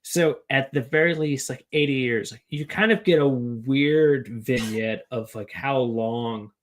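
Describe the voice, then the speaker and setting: A tipsy man co-hosting a podcast, rambling and halting through his thoughts about a book series, with lots of fillers. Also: mid-range voice. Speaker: podcast co-host. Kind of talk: casual book discussion.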